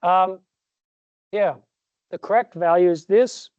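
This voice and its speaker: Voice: mid-range voice, takes it slowly, darkish tone, smooth. A professor talks through a classroom lecture in a loose, rambling way, often correcting himself and tossing in small jokes. The sound is dry and close, with no room echo. The recording is dull and lo-fi. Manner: rambling, self-correcting, jokey asides.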